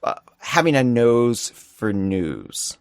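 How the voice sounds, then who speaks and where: Male podcast co-host, mid pitch, playful and rambling, dry close mic. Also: sing-song, clear, resonant tone, no room sound. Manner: playful, rambling, quick asides. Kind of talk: casual live-stream podcast chat.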